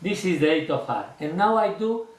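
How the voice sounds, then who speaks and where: A man with teaching a card trick, explaining in a lively, expressive way and acting out his stage patter. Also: moderate pace, roomy sound. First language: not English. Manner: expressive, acts out his stage patter with big jumps in pitch. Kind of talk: explanatory lesson.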